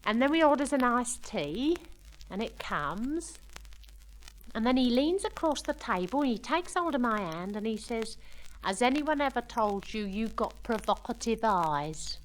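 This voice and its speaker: Lady doing a chatty working-class girl, slangy "i says, we done" talk, kinda high voice. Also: very animated, a little slow, slight background noise, low-quality recording. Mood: gossipy. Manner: ungrammatical cockney-style chatter, "we done", "I says". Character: chatty young working-class woman telling of a dance. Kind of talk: comic monologue.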